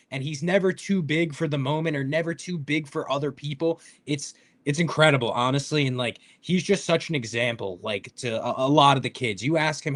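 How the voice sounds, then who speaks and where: A man with a slightly higher-pitched voice chats about sports on a casual podcast. He tells stories with lots of enthusiasm, filling them with likes and restarting his sentences. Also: a bit bright. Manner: enthusiastic storyteller, many fillers and restarts.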